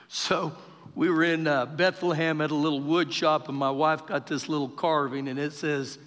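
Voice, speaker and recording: A man from Texas with a Texan accent, preaching an animated sermon as pastor at a live church service. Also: on the high side, normal speed. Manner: animated preacher, raising his voice for quoted lines. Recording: live hall with long reverb.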